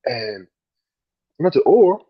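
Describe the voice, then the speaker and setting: Casual podcast co-host, male, husky, talks in swinging storyteller bursts, slightly muffled audio. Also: fairly high pitch, takes it slowly. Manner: animated storytelling, acting out quoted friends; swears freely, many "like" fillers.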